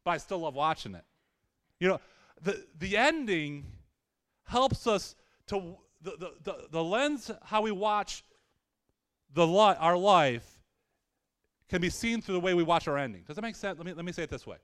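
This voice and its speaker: A man's voice: high-pitched, animated, moderate pace, pauses often, a bit bright. A middle-aged man preaching a conversational sermon, often repeating words and asking the congregation questions. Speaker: pastor.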